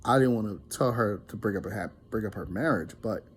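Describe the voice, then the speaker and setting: A man's voice: on the low side, brisk, breathy edge. A man casually telling a story to his viewers, rambling and earnest, with many restarts. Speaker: relationship vlogger.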